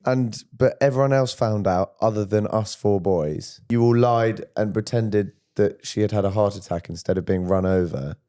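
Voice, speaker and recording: A young man with a low, warm voice joins a family podcast chat. He teases in a wry, dry way. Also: normal speed, few pauses, clean tone. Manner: wry, teasing. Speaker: podcast guest. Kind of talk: casual chat.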